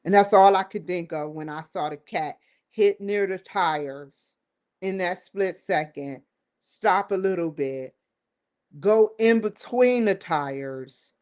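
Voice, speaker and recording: A woman's voice: on the low side, slow pace, a little mellow. A woman hosting her own show, giving an emphatic, rambling opinion commentary that circles back and repeats points. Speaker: show host.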